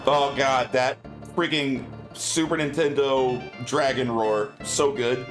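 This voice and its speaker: A man's voice: mid-range voice, fairly even intonation, slow pace. A man streaming a game, chatting casually and joking with lots of fillers. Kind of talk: casual gameplay commentary. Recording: game stream with loud music behind.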